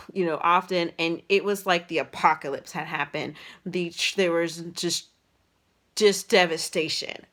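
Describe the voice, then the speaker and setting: A young adult woman tells a personal story to her vlog audience in a casual, rambling way. Her voice sits a little low for a woman, and she leans on fillers and restarts as she talks. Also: a bit bright. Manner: rambling, many fillers and restarts, emotional retelling. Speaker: vlogger.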